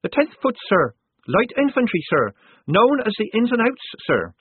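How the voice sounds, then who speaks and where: Man doing a high, eager young woman recruit. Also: huge pitch swings, normal speed, slightly rough, dry recording, full character voice. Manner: earnest, nervous, clipped replies. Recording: tinny phone-like dry sound.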